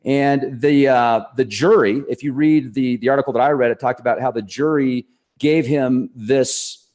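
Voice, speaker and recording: A man co-hosting a casual talk show, excitable and sarcastic as he talks. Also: mid-range voice, normal speed. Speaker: co-host.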